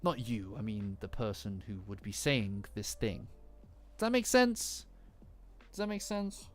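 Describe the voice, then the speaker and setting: A man's voice: lowish voice, lively intonation, measured pace. Tired young guy rambling on stream, apologizes a lot, faint lofi music in the background. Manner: rambling, apologetic, self-deprecating. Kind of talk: casual livestream chat.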